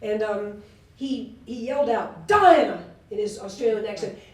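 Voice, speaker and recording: A woman in her sixties, a guest telling stories at a live talk, animated and laughing, with fillers and restarts. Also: medium pitch, normal speed. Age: 60s. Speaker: interview guest. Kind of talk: lively storytelling on stage. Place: live event hall. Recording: echoey room, voice from far off.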